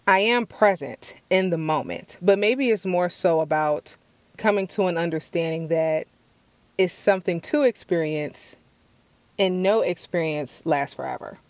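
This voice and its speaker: A woman's voice: lowish voice, a little mellow, dry recording. A young woman hosting a podcast, chatting earnestly on her own as she answers question cards, often repeating words while she searches for what to say. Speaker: podcast host. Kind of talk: casual solo Q&A chat.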